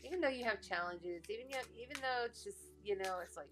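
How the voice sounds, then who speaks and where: A woman's voice: mid-range voice, expressive, fast talker, hardly any pauses. A woman with a Texas twang talks viewers through a card reading in a casual, chatty way. She sounds encouraging and drops playful asides as she goes. Faint music plays in the background. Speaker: astrologer and card reader.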